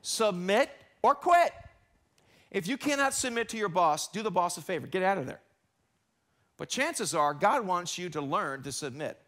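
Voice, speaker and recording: A middle-aged male pastor preaching a sermon in a church, animated and acting out quoted coworkers in short voices. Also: high-pitched, moderate pace.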